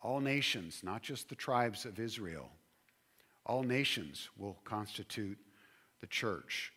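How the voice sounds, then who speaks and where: A man's voice: on the low side, expressive, slow pace, bright, forceful tone, husky. A male pastor preaching a sermon, building emphasis and stretching key words.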